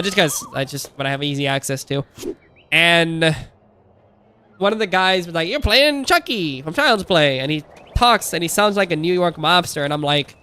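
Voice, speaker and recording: Bright, clear-voiced chatty male streamer. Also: a little high. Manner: chatty, laughs often, rambling asides. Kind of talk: casual live-stream chat.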